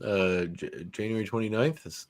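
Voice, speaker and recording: A man's voice: lowish voice, moderate pace. A man co-hosting a podcast over a video call, joking and chatting with frequent restarts. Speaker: podcast co-host.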